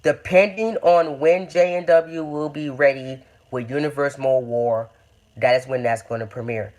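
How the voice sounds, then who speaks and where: A man's voice: medium pitch, steady tone, unhurried, a little mellow. Young guy rambling through his upload schedule, um-ing and restarting a lot. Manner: rambling, many fillers and restarts. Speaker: YouTube game-series creator. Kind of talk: casual schedule update.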